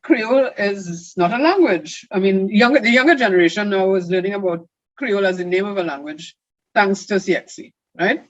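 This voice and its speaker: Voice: medium pitch, brisk, no room sound, dull audio. A speaker from Trinidad and Tobago, talking animatedly in an interview. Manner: animated, mimics others in quoted asides. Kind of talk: interview talk.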